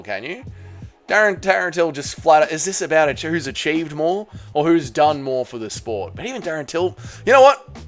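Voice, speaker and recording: A man hosting his own MMA channel, ranking fighters in a joking, irreverent rant that often trails off and restarts. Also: a little high. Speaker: MMA commentary host.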